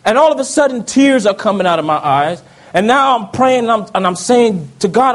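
A man telling a personal testimony in an earnest storytelling way, often dropping to soft low tones. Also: sing-song, normal speed, slight background noise. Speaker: speaker giving testimony.

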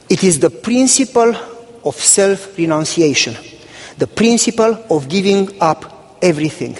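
A man's voice: high voice, animated, measured pace. A male pastor delivering a sermon, telling humorous stories and acting out conversations with God and a church member. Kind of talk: sermon with storytelling. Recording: long hall reverb.

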